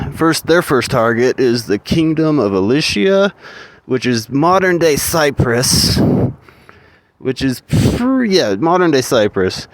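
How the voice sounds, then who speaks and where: Man, profane rambling storyteller, lively pitch, mid voice. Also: no room sound. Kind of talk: casual storytelling monologue.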